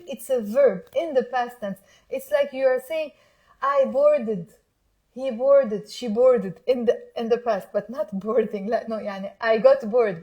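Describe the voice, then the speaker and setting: Lively Lebanese woman teaching Arabic. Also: a little high. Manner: lively, quizzes listeners, repeats words slowly. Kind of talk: live online language lesson.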